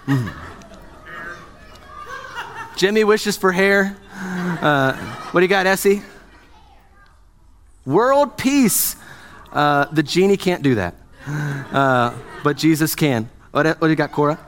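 A man's voice: fairly high pitch, measured pace, fairly bright tone, a little hiss or hum. A man preaching a sermon as a pastor, in a conversational, joking way, asking his congregation questions.

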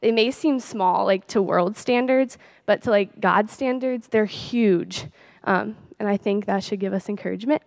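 A teenage girl tells her faith story in a chatty, casual way, sprinkling "like" through her sentences and laughing softly now and then. Her voice sits at a middling pitch, and it is recorded close and dry with no room sound. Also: normal speed, vocal fry, no room sound. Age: late teens. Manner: chatty, peppered with "like" and soft laughs. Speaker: speaker sharing a faith testimony. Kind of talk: personal testimony talk.

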